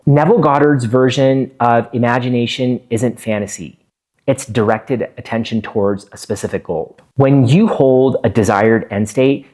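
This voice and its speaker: A man's voice: mid-range voice, a little mellow. Earnest man explaining self-talk to camera. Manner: earnest, acts out inner self-talk in quotes. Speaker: physician video host. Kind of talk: casual explainer monologue to camera.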